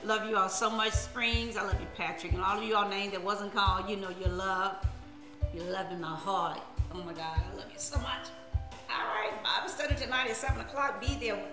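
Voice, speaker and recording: A woman's voice: medium pitch, brisk. A woman minister hosting a casual live stream, laughing often, repeating her words and dropping preachy asides. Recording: echoey room with music behind.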